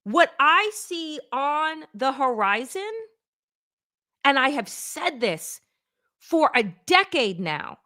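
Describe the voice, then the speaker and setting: A woman's voice: sits high, sing-song, slow pace, bright, forceful tone. A woman hosting a political talk show, delivering blunt, emphatic commentary with sarcastic asides and swearing.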